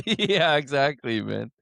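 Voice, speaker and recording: A man in his thirties hosts a casual podcast and tells his stories with an animated, loose manner, full of "man" and "like". The sound is dry and close, with no room around it. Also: fairly high pitch, slow, gravelly, no room sound. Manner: animated storyteller, says "man" and "like" often. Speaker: podcast host.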